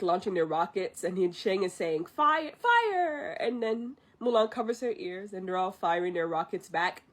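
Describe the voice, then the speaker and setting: A young woman streamer casually retelling a film from memory, chatty and pausing to recall details. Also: on the low side, a little mellow. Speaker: vtuber streamer. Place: livestream at home.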